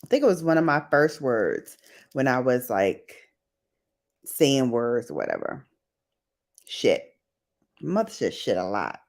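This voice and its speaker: A woman's voice: a bass voice, sing-song, measured pace, long pauses, a little mellow. A woman hosting a casual late-night livestream on her laptop mic. She laughs often and greets viewers by name. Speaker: livestream host.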